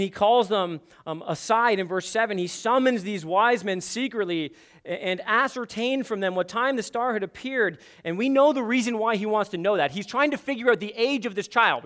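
A man preaching an expository sermon, emphatic and building to forceful peaks. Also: high-pitched, lively intonation, brisk. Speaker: pastor.

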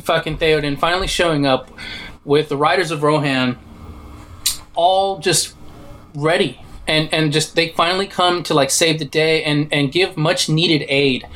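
An excitable man on a casual film podcast, with a slightly higher voice. He swears freely and gushes about his favorite scenes. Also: unhurried. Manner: enthusiastic, swearing, acts out quotes. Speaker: podcast co-host.

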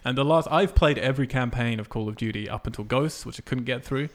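A man on a casual talk show, ranting in an animated, profane way and breaking into laughs. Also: mid-range voice, fast talker. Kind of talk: casual chat.

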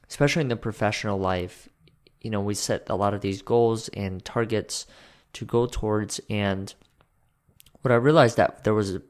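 A man hosting an interview, reflective and measured, asking long, thoughtful questions. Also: fairly low pitch. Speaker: podcast host.

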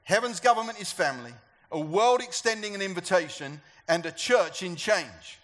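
A man's voice: sits high, lively intonation, moderate pace, a bit bright. A man preaching a sermon to a church gathering, talking conversationally and asking the congregation questions. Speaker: pastor.

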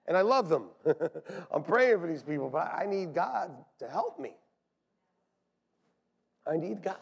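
A middle-aged man, a pastor, preaching a lively, joking sermon to his church. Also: fairly high pitch, unhurried, vocal fry, husky. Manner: animated, joking, shouts and laughs between points. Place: church sanctuary. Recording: long hall reverb.

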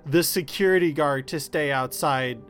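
A man's voice: on the high side, normal speed, fairly bright tone, soft background music. A man co-hosting a podcast, reacting to a ghost story with questions, swearing and joking. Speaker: podcast co-host. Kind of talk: casual chat.

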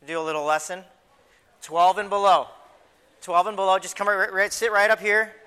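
A man's voice: sits high, fast talker, sharp tone, clear, resonant tone. A pastor giving a casual children's lesson in a church service, often restarting and repeating his words as he talks to the kids. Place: church sanctuary.

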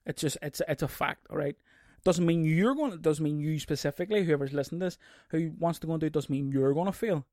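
A man hosting his own podcast alone, rambling and swearing constantly, bursting into loud mocking outbursts, recorded on a stand mic. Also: a little high, quick pace, hardly any pauses, dry recording, studio quality. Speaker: podcast host. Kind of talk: casual solo podcast rant.

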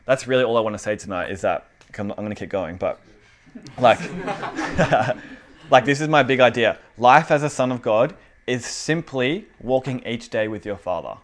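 A young man preaching a casual, conversational sermon with an animated delivery and lots of fillers. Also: medium pitch, normal speed.

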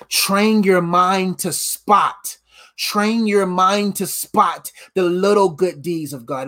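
A tired preacher delivering an informal sermon in an animated, slang-filled way, often laughing. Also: medium pitch.

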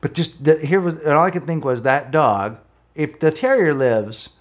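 A man's voice: on the high side, expressive, normal speed. A middle-aged man co-hosting a casual comedy chat, swearing and joking with big laughs. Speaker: podcast co-host.

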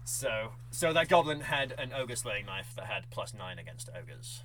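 A man co-hosting a podcast, telling a tabletop game story in a lively, animated way. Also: lowish voice, unhurried, slight background noise, low-quality recording. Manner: animated storyteller, acts out dice moments. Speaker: podcast co-host. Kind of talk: casual chat recapping a tabletop game.

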